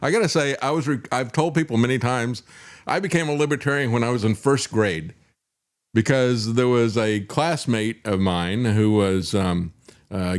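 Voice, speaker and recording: A male talk show host giving indignant, sarcastic commentary, with frequent fillers. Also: mid-range voice.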